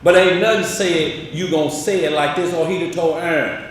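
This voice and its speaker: A man's voice: on the high side, fairly even intonation, moderate pace. Colloquial preaching man in echoey room. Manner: colloquial, asks the group questions. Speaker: bible study teacher. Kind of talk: conversational preaching. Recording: echoey room, distant mic, faint ambience.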